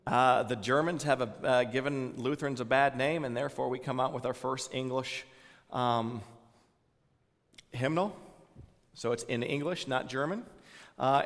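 Speaking in a fairly high, slightly bright voice with a long reverb tail, this Southern-accented pastor delivers a loose, conversational sermon. He leans on plenty of fillers and keeps asking the congregation questions.

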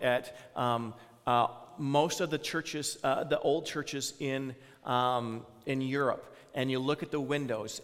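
A male pastor with a Southern US accent preaches in a loose, conversational way, stumbling through fillers and quizzing his listeners. His voice sits at an ordinary middle pitch and carries a long reverb, as if recorded in a church hall. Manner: conversational, many fillers, asks the congregation questions. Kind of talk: informal sermon to a congregation.

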